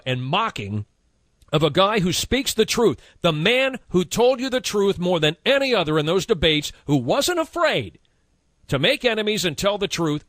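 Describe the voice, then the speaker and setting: A man's voice: high voice, a bit bright, no echo, clean studio sound. Fiery, indignant male radio host. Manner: indignant, impassioned, emphatic repetition. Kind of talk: heated on-air rant.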